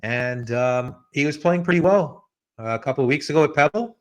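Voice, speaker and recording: A man hosting a podcast in a relaxed, chatty way, talking straight to his co-host. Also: on the high side, brisk. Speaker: podcast host giving betting picks. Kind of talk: casual podcast chat.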